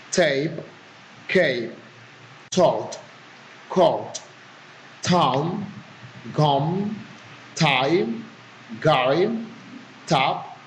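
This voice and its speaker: Male student reading phonetics drills: slow, deliberate, slightly higher voice, roomy recording with faint hiss. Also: a little mellow. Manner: careful, deliberate, word-by-word reading. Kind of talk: reading pronunciation drills aloud.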